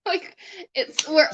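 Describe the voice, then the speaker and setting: A woman's voice: bright, forceful tone, lo-fi sound. A young woman streaming live, chatting casually with her viewers and her dog and laughing often.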